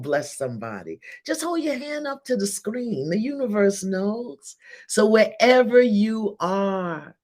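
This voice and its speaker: Fervent woman leading a blessing. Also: deep voice. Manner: fervent, repetitive exhortation; swings between soft and loud. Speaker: spiritual teacher. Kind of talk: guided group blessing.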